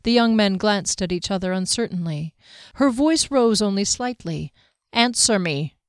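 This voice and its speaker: A woman narrating a fantasy novel in a measured, expressive reading. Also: mid-range voice, clear, resonant tone, dry recording, clean studio sound. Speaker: audiobook narrator.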